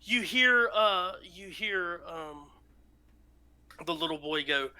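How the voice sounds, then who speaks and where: A man narrating a tabletop game as game master, relaxed and rambling with fillers. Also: sits high, slow pace, long pauses, clean tone.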